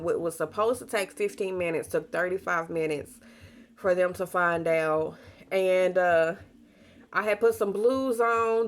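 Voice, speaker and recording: A young adult woman chatting casually to camera as a pregnant vlogger, telling stories in a warm, talkative way with bits of Southern slang. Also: medium pitch.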